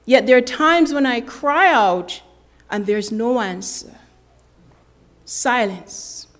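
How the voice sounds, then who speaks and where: A woman giving a sermon to a church women's ministry, telling an illustration in a slow, deliberate, earnest way with dramatic pauses. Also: a little high, lively intonation, fairly bright tone. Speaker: speaker at a women's ministry gathering.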